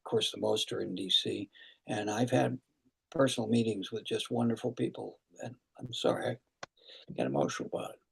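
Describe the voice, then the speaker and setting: A man's voice: lowish voice, fairly even intonation, moderate pace, creaky, fairly bright tone, slightly rough. An older man hosting a virtual town hall as a congressman, answering questions earnestly with frequent restarts and fillers, heard over a video call.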